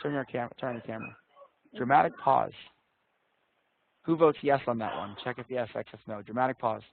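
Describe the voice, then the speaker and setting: A man runs an online interview prep class on a video call, blunt and casual, with occasional swearing and students called on by name. His mid-range voice is gravelly and a little fast, and the tinny call audio is dry, with no room sound.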